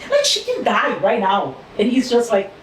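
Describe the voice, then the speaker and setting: An excitable middle-aged woman, her voice a little high and swooping widely as she reacts. She talks in exclamations and laughs near tears. A faint hiss sits behind her. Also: normal speed. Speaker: mother reading the books. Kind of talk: emotional reading reactions.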